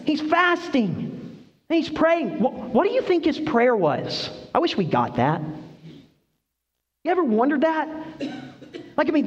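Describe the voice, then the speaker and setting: A male pastor preaching a sermon, asking his congregation questions as he goes. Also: extremely high pitch. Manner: lively, quizzes the congregation with questions. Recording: long reverb, dull lo-fi sound.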